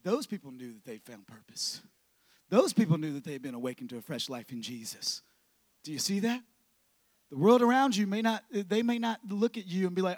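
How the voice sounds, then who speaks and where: A man preaching a sermon as pastor. He swings from loud shouting to hushed whispers and repeats phrases for emphasis. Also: a little high, expressive, normal speed, dry recording.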